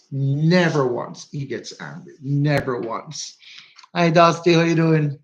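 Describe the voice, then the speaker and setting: A man with a Jamaican accent chats casually to his viewers in a loose, rambling way, often saying things twice for emphasis. His voice sits at an ordinary pitch. The stream audio sounds dull and lo-fi. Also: expressive, takes it slowly. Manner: rambling, repeats himself for emphasis. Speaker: livestream host. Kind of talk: casual live chat to viewers.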